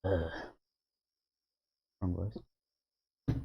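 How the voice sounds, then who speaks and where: A man's voice: low-pitched, steady tone, a little fast, gravelly, pauses often, breathy edge, lo-fi sound. Man muttering self-deprecating gaming asides. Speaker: gamer. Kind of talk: let's play commentary aside.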